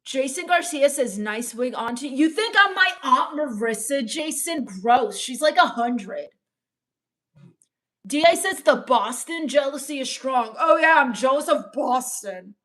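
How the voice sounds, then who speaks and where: A young woman streaming in character, deadpan and sulky, sarcastically complaining while reading chat comments aloud. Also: sits high, measured pace. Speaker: comedic livestreamer reading chat. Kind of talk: in-character comedy livestream.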